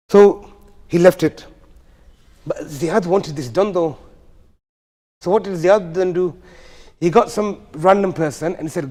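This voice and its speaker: Male tajweed teacher, chatty and questioning, higher voice, long mosque reverb. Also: normal speed, long pauses, darkish tone. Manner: chatty, asks the class questions, slangy asides. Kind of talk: informal classroom storytelling. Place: mosque hall.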